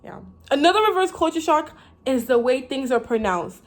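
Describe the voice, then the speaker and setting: A woman's voice: sits high, big pitch swings, moderate pace. A young American woman talking casually to camera as a vlogger, chatty and rambling, full of likes and restarts, laughing now and then. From United States.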